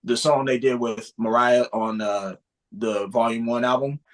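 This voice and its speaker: A man's voice: medium pitch, fairly even intonation, unhurried. Man musing hesitantly about music. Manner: thoughtful, hesitant, full of "like" and "you know". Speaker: podcast co-host. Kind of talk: casual music discussion.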